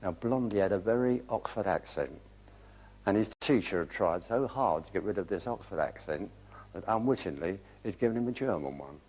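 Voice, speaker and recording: Older english guy, really deep voice, telling war stories kinda matter of fact, some ums. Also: lively intonation, moderate pace, a little mellow, breathy edge, rough recording. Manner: plain, understated storytelling with hesitations. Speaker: war veteran interviewee. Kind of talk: spoken recollection.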